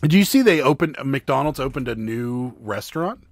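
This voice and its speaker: A man's voice: mid-range voice, animated, normal speed, no room sound, studio quality. A man co-hosting a live home stream, chatting casually in a rambling, teasing way full of fillers. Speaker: co-host of a live reselling stream. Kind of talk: casual chat. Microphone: desk microphone.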